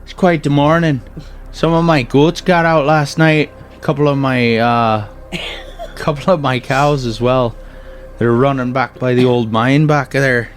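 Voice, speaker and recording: A man's voice: mid-range voice, steady tone, measured pace, close to an everyday voice. A man voicing a folksy older farmer who is wary of strangers, talking in a chatty drawl. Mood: friendly.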